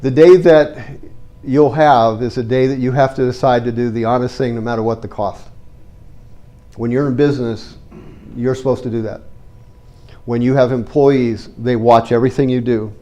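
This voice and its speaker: A man's voice: medium pitch, fairly even intonation, normal speed, mellow. A middle-aged man with a cold, telling a story to a live audience in an earnest, conversational way. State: has a cold. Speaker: real estate investor giving a talk.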